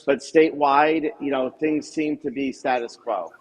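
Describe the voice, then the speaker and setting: A man calling in to give election results, measured and hedging with plenty of fillers. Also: medium pitch, steady tone, poor audio. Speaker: party official calling in results. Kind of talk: live call-in update.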